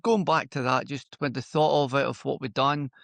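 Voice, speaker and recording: A man's voice: medium pitch, moderate pace, gravelly, dry recording. Scottish man with a Lancashire lilt. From Scotland. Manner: relaxed, anecdotal storytelling. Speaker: podcast guest, former footballer. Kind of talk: casual interview chat.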